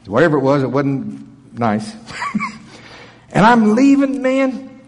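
A middle-aged male pastor with a husky voice preaches in a folksy, plainspoken way and chuckles between his stories. His voice carries the long reverb of a large auditorium, picked up through a stage mic. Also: on the high side, huge pitch swings, slow. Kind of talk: conversational sermon with storytelling.

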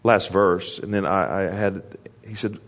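A man's voice: steady tone, measured pace. A man preaching a sermon, calling for responses from the congregation and raising his voice for emphasis, with casual asides in between. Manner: call-and-response preaching, rises in pitch for emphasis; conversational asides and restarts.

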